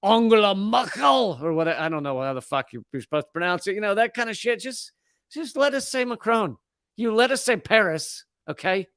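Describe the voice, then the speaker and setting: A man's voice: high voice, animated, normal speed, a bit bright, dry recording. American guy, comedian host, sarcastic rant, keeps restarting, dry close mic. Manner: sarcastic, riffing, mocks pronunciations; frequent restarts and laughs. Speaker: comedian host of a live show. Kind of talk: casual ranting commentary.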